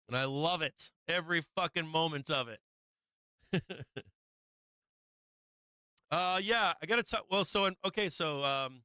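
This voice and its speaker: A man's voice: sits high, sharp tone, clean tone, dry recording, low-quality recording. A man hosting a live market stream, swearing freely, laughing often and repeating himself as he walks through charts. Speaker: market livestream host.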